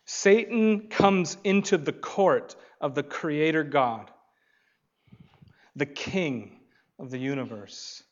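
Male preacher, expository sermon, unhurried, emphatic, loud declarations, quiet asides, muffled lo-fi sound. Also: a little high.

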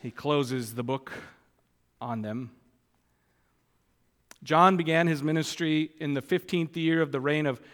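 A man delivering a sermon at an unhurried, measured pace. He lifts his voice with emphasis on quoted scripture. His voice rings out with the long reverb of a church hall. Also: fairly high pitch, fairly bright tone. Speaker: preacher.

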